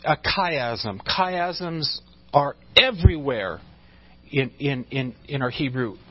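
With a slightly rough, medium-pitched voice and lively intonation, a pastor preaches at a slow pace on dull-sounding audio. His sermon is conversational, full of restarted phrases and asides, and he jokes with his congregation.

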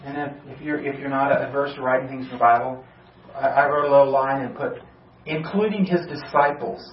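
Heard from a distance in a roomy church sanctuary, a male preacher speaks briskly at medium pitch with fairly even intonation. His earnest sermon climbs to urgent emphasis through rhetorical questions, and the slightly dull recording carries a bit of background noise.

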